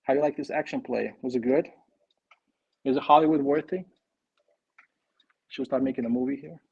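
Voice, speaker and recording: A man hosting a casual live stream, chatting excitedly and thinking aloud while he builds a toy kit. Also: mid-range voice, moderate pace, vocal fry, slightly rough, dull audio.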